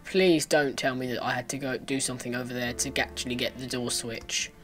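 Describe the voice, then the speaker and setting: A man talks through a parkour run at his computer, half to himself, muttering and then breaking into sudden frustrated yelps. His pitch sits in the middle of the range, and soft game music plays faintly behind him. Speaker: gaming let's player. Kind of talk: casual gameplay commentary.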